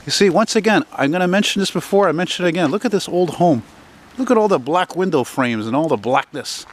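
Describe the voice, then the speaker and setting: A man's voice: on the high side, lively intonation, fast. A middle-aged man from Canada, narrating a casual walking vlog outdoors on a residential street, chatting and rambling with a nostalgic streak and the odd curse. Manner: rambling, chatty, wistful, sprinkled with swearing. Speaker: vlogger.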